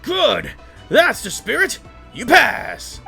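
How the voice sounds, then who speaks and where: A brash idol coach barks orders in a loud, lively voice, as a man puts him on. He is obsessed with muscles and drills his students like a sergeant. His delivery swings sharply in pitch. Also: slow, vocal fry, faint music behind, exaggerated voice. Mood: fierce. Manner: barking, commanding declarations.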